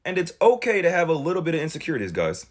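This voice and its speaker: Animated man giving reaction commentary. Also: a little high, very fast. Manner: animated, rhetorical questions, addresses viewers as guys. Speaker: commentary creator reacting to clips.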